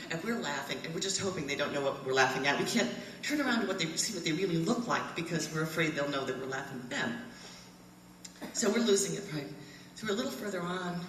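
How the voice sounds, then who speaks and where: Before a live audience in a fellowship hall, an alumni storyteller in her fifties shares a humorous tale, lively and laughing readily. Her voice is low yet ranges broadly in pitch, and the distant mic picks up plenty of the hall's echo.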